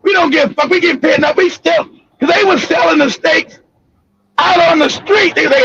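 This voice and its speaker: A very high-pitched, gravelly man tells a story at full volume. He shouts, stretches his words and acts out the other people. The sound is muffled and lo-fi, with faint noise behind him. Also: moderate pace, dry recording. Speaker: co-host telling a story. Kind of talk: loud casual storytelling.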